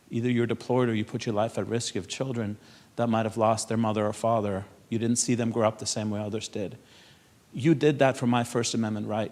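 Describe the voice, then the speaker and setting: A man from Europe speaking on a symposium panel. He tells stories in a lively way, acts out the people he quotes and turns earnest and persuasive. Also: mid-range voice. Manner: animated storyteller who acts out quoted exchanges. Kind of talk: storytelling talk at a symposium panel.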